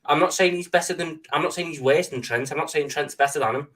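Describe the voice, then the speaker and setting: A man's voice: fairly high pitch, quick pace, fairly bright tone, distant mic. A man on a football show panel, making his case firmly, point by point. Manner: firm, argues point by point. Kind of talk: casual chat. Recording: voice away from the mic.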